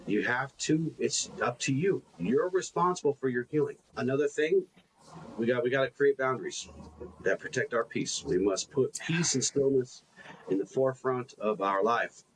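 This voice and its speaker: An earnest man co-hosting a coaching podcast, his voice sitting at an ordinary middle pitch. He talks in a loose, conversational way and circles back over his words as he works toward each point. A faint ambient hiss sits underneath. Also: normal speed, rough recording. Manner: earnest, repeats words while building a point.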